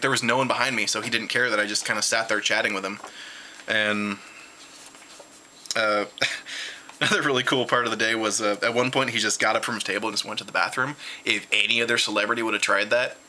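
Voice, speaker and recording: A tired man at home, rambling excitedly through a casual convention recap with lots of restarts. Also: slight background noise. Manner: jumps high in pitch when retelling his reactions. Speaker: vlogger reviewing a convention.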